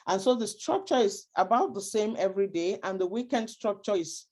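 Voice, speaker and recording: A woman's voice: mid-range voice, moderate pace, a little mellow. A woman giving earnest parenting advice in an online talk over a video call, acting out short example quotes. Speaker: guest speaker on parenting.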